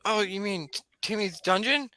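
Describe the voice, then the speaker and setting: A man's voice: moderate pace, sharp tone, no room sound. A man putting on a gushing teenage nerd boy. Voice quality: high, gushing, breathless.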